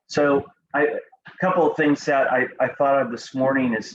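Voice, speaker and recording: A man giving a devotional talk and prayer to students, speaking calmly and unhurriedly with frequent ums and restarts. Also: medium pitch, moderate pace. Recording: dull lo-fi recording with faint background noise.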